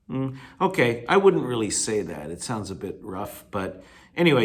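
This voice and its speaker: A man with a slightly low voice giving a recorded video lecture to his class. He explains step by step, circles back often with fillers and self-corrections, and leans hard on the key points. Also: big pitch swings, moderate pace. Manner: emphatic, encouraging. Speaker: English teacher.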